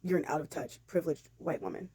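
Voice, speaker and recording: A woman ranting bluntly on camera, swearing freely and talking in an animated, exasperated way. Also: low-pitched, fast talker, slightly rough. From United States. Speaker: vlogger. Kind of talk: casual commentary rant.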